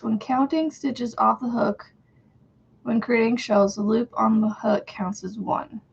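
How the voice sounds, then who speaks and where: A chatty woman hosts a crochet livestream, greeting viewers by name and counting under her breath. Her voice sits a little high, with a gravelly, husky edge. The stream audio is dull and lo-fi. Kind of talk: casual livestream chat while crocheting.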